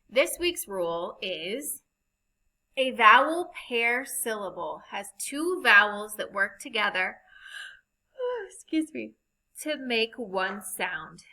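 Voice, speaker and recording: Slow, bright-voiced woman teaching reading. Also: medium pitch, low-quality recording. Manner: slow, deliberate, spells out vowel sounds. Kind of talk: recorded reading lesson.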